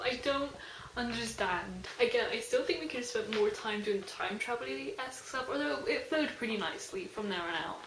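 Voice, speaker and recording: A young woman chatting casually about a book she read, gushing and animated, with lots of "like" between her thoughts. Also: a little high. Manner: gushing, fast and animated, heavy use of "like". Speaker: book reviewer. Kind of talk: casual book review chat. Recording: echoey room with faint noise.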